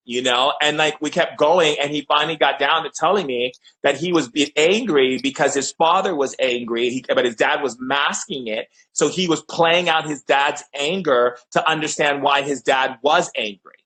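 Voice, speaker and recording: A man's voice: mid-range voice, fairly even intonation, fairly quick, a bit bright, low-quality recording. A man in casual conversation tells a story at an easy pace. His voice sits in the middle range. He acts out the dialogue of the people in his anecdote. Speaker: shaman and host.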